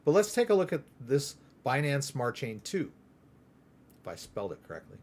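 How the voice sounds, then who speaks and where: A man from the United States hosting a live crypto Q&A, talking casually and rambling as he demos software and asks "right?" again and again. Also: mid-range voice, very animated, normal speed. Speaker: crypto livestream host. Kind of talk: casual live Q&A with screen demo.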